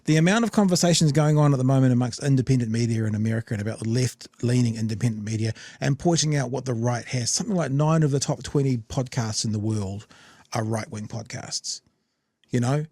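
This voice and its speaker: Rambling New podcast host. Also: male voice, medium pitch, a little fast, warm tone, no echo. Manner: conversational, rambling with restarts. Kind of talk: casual commentary.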